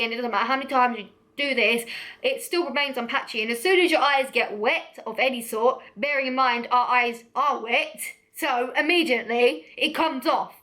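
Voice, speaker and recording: A woman's voice: sits high, bright, forceful tone. A young woman giving a casual, blunt beauty product review, chatty and laughing often. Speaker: beauty vlogger.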